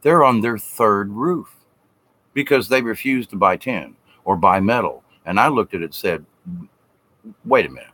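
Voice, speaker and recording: A man's voice: on the low side, moderate pace, pushed and bright. A middle-aged man vlogging a rambling, folksy, preachy spiritual monologue, now and then mimicking people in mocking voices.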